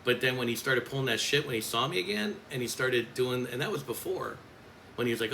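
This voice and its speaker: A man's voice: medium pitch, fast, pushed and bright, slight background noise, low-quality recording. A man who works as a coach, speaking in a bitter, blunt and profane vlog rant.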